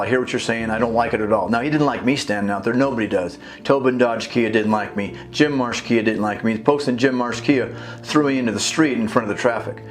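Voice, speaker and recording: Indignant man telling a rambling story. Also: mid-range voice. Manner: rambling, indignant, acts out dialogue with restarts. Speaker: video blogger and activist. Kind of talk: casual storytelling monologue. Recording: faint guitar music behind.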